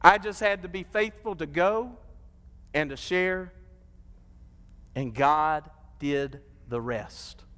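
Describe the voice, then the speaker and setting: A man preaching a sermon, building to drawn-out, impassioned peaks. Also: fairly high pitch, fairly bright tone, clean tone. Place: church sanctuary. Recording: long hall reverb.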